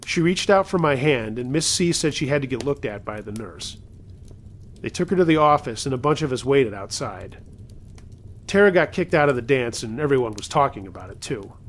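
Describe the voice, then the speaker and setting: A man narrates submitted true scary stories at a mid-range pitch. His reading is conversational rather than theatrical, and he drops in wry asides between the events. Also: lively intonation, moderate pace, a little hiss or hum.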